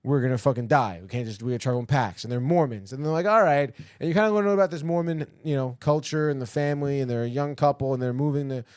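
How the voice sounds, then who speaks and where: A man's voice: medium pitch, quick pace, few pauses, clean tone, dry recording, clean studio sound. A man hosting a podcast, animatedly retelling a TV episode and tossing off the characters' lines himself, with plenty of swearing. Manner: animated storytelling, voices the characters' quips in passing, swears often. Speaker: podcast host. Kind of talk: casual recap of a TV episode.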